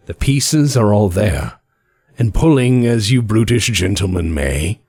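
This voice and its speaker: A man voicing a refined, sinister older gentleman contact who speaks slowly and with silky politeness. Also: fairly low pitch, slightly rough, exaggerated voice. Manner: slow, measured, silkily polite.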